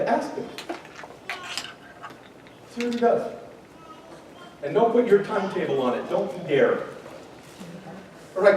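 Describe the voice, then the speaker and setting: A man's voice: high voice, big pitch swings, a little slow, pauses often, darkish tone. A male pastor preaching a sermon in a church hall, talking in a joking, conversational way and acting out quoted voices. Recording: very echoey hall from far off, faint noise.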